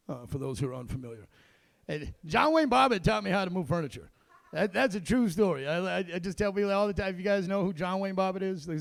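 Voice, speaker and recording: Gravelly high-voiced male stand-up comic. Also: dry recording. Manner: gruff, self-deprecating storytelling with quick asides. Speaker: stand-up comedian. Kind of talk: stand-up comedy set. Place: comedy club stage.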